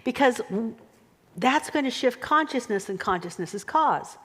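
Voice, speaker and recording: Female minister, slightly high voice, expressive sermon delivery. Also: measured pace, breathy edge. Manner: expressive, chant-like repetitions. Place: church sanctuary.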